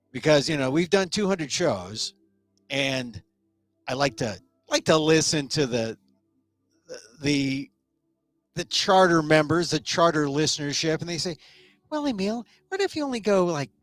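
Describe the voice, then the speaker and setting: Brief: male host, animated and rambling, slightly higher voice, dry close sound. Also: dry recording. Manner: animated, rambling, joking asides. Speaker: talk show host. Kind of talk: casual live-stream monologue.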